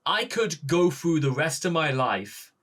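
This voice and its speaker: A man's voice: fairly high pitch, very animated, a bit bright. Gushing Northern English man reacting. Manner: gushing, halting, many restarts and rhetorical questions. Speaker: music reaction host. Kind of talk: excited reaction talk to camera.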